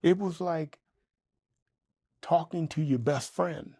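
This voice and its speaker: Gravelly older man telling a story. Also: slow, dry recording, clean studio sound. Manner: animated storyteller, jumps high in pitch when quoting himself. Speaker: interview guest. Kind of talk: storytelling in a casual interview.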